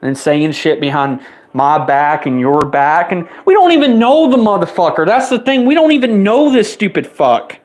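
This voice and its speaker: A man in his twenties delivering an angry, profane rant, his voice jumping higher whenever he gets riled up. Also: sing-song. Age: 20s. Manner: heated, rapid-fire swearing, voice spiking up when riled.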